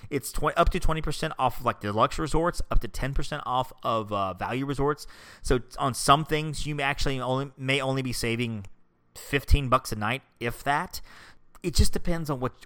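Fast, bright nasal-voiced man. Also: fairly high pitch. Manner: chatty, upbeat, loose with fillers. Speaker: podcast host and travel agent. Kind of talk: casual podcast talk.

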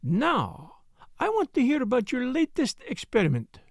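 A man's voice: very high-pitched, huge pitch swings, normal speed, creaky, no echo, studio quality, pitched above the performer's own voice, exaggerated voice. A man voicing a shrewd, self-assured middle-aged Belgian detective with a French accent, asking precise, needling questions in an audiobook. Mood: probing. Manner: precise, needling questions with sudden sharp jabs. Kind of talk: audiobook character voice.

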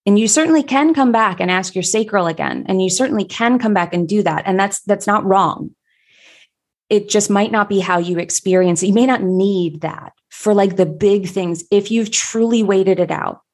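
A woman telling a personal story in a reflective, conversational way, pausing often with fillers. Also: mid-range voice.

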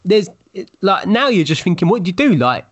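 Male co-host, high voice, loose rambling with fillers, casual video call chat. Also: sing-song, fairly quick, muffled recording. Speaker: podcast co-host.

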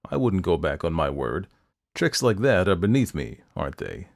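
Smug, menacing storybook devil, deep and unhurried, as a male narrator plays him. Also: very animated, gravelly, full character voice. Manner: low and measured.

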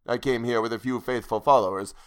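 A man's voice: medium pitch, steady tone, brisk, fairly bright tone, clear, resonant tone, lightly acted. A man reading the lines of a mocking, formal Arab sheik in an audiobook story. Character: scornful Arab sheik, middle-aged man.

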